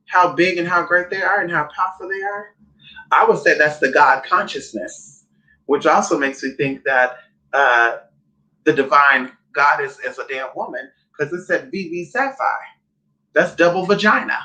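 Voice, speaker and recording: A man talks through a spiritual vlog in loose, casual chat. He is sassy and profane, throwing theatrical asides at his viewers. His voice is bright and sits somewhat high. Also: normal speed, rough recording. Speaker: spiritual vlogger. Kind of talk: casual live-stream chat.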